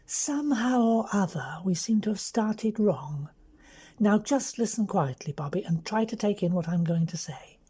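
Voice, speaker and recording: A woman with an English accent voicing a bold young aristocratic woman who lays out a scheme in a brisk, bossy way. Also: mid-range voice, lively intonation, dark tone, husky. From London.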